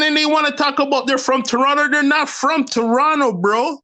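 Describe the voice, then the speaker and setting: A man's voice: very high-pitched, fairly even intonation, fairly quick, few pauses, bright, forceful tone. A man on a live panel, debating in a heated, casual way, profane and repeating himself.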